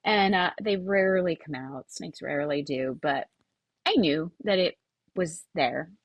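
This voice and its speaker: Husky-voiced woman telling a story. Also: low-pitched, unhurried, no echo. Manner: animated, laughs often, swears freely. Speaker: guest. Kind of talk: casual storytelling.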